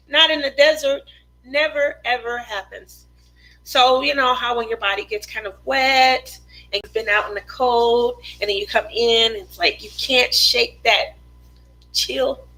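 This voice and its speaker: A woman hosts a relaxed craft livestream from home, talking slowly and easily as she reads out viewer comments. Her voice sits a little high and sounds bright and forward. She laughs often between remarks. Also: poor audio. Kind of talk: casual livestream chat reading comments. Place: home in the desert.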